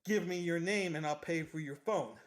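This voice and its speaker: A man's voice: on the high side, moderate pace, voice pushed down, natural voice. A man voicing a tall, angry homeowner who speaks in a curt, hostile way. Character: tall, angry male Scottish homeowner, gruff.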